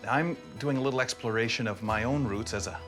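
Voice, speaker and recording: A man hosting a comedic TV segment, delivering wry, deadpan jokes. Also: medium pitch, a little fast. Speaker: host. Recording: music behind.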